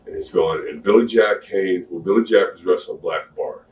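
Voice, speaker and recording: A man's voice: deep voice, normal speed, a little mellow. A man being interviewed about his past career, telling rambling stories in a laid-back way with self-deprecating humor. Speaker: interview guest, former wrestler. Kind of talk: casual storytelling interview. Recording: echoey room, distant mic, faint hiss.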